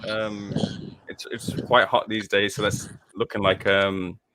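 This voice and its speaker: A man's voice: lowish voice, a little slow, noisy background. A man, a podcast guest, telling a story in casual chat and acting out the people he quotes. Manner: animated, acts out quoted voices, laughs often.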